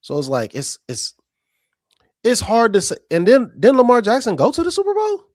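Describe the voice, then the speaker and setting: A man's voice: extremely high pitch, huge pitch swings, normal speed, a little mellow, no echo, studio quality. A man on a casual podcast panel, talking in a rambling, profane way with many restarts.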